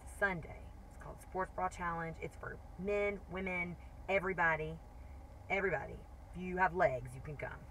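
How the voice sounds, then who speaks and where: A woman's voice: lowish voice, moderate pace, a bit bright, a little hiss or hum. A woman co-hosting a livestream in casual, chatty talk that is full of "like". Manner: chatty, heavy use of "like". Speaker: livestream co-host. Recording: voice a bit far from the mic.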